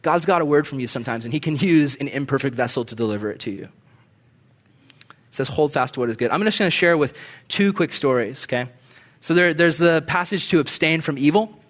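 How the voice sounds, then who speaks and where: High-voiced animated young preacher man. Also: fairly quick. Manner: animated storyteller, shouting bursts. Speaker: pastor. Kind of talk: sermon.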